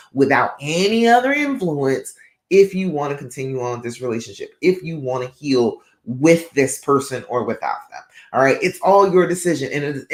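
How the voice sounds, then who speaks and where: A woman relationship coach giving direct advice on a live stream, often checking in with her listeners. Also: low voice. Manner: direct, keeps checking in with "all right?". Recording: roomy echo.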